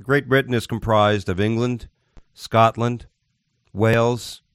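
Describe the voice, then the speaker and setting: A man's voice: medium pitch, fairly even intonation, slow, clean tone, dry recording, studio quality. A man co-hosting a podcast in casual chat, rambling and joking. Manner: rambling, jokey, puts on silly voices. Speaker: podcast co-host.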